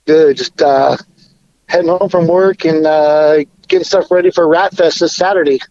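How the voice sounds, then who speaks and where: A man talking casually as a podcast guest, laid-back and a bit halting. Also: a little high, fairly even intonation, a little mellow, dry recording. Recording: dull lo-fi audio.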